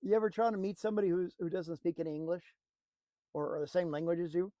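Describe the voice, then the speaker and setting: A man's voice: high-pitched, fast, no room sound, rough recording. Earnest man giving a motivational talk. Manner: earnest, repetitive, drops to a soft hush for emphasis. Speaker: motivational speaker.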